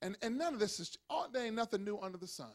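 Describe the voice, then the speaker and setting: Pastor guy preaching, real high voice, call and response, gets shouty. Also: animated, fast. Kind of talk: sermon.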